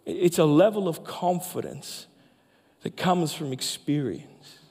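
A man, a pastor, preaching a sermon with emphatic delivery that slows down for key phrases. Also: fairly high pitch, animated, darkish tone. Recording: long hall reverb.

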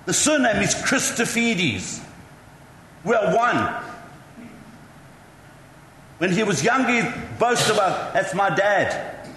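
A man's voice: sits high, sing-song, slow, pauses often, fairly bright tone, a little hiss or hum. A male pastor preaching a sermon, telling chatty, self-mocking stories to the congregation. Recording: echoey hall with faint ambience.

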